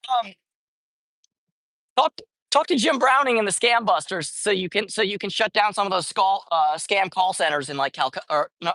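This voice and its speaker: A woman's voice: medium pitch, moderate pace, fairly bright tone, no echo. A woman talks off the cuff through a livestream as she feeds street cats outdoors. She rambles, stops mid-phrase and corrects herself. Her voice sounds close and dry, with no room around it. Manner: rambling, self-correcting, chatty. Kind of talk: casual livestream chat. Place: outdoors at a street cat feeding spot.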